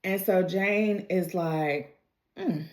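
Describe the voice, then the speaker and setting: A woman giving a casual, animated recap of a TV episode, laughing often and swearing freely. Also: a little high, slow pace. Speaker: TV recap vlogger.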